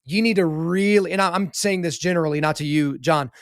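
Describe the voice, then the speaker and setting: High-voiced man in his thirties hosting. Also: brisk, dry recording, clean studio sound. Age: 30s. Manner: friendly, chatty, fills in with short agreements. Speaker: podcast host. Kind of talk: casual conversational interview.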